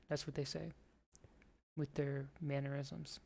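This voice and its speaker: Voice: medium pitch, measured pace, gravelly. A streamer chatting casually while playing a game, telling rambling, joking stories. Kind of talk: casual chat while gaming. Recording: steady background noise.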